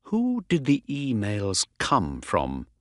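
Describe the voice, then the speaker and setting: A man reading an audiobook voices a calm, steady male traveler. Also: fairly low pitch, slow pace, dry recording, studio quality, exaggerated voice.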